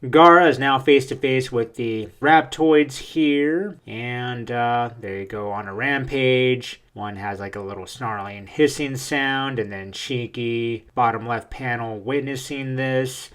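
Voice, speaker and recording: A man hosting a casual manga reaction, talking excitably with frequent fillers as he reads through pages. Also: mid-range voice, slow pace, few pauses. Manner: excitable, hyped, lots of uh fillers.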